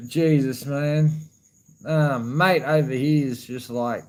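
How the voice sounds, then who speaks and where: Speaking slowly in a steady, slightly mellow mid-range voice, an Australian man vlogs casually to camera. He's laid-back, curses freely, and keeps saying "you know what I mean," all on a low-quality recording.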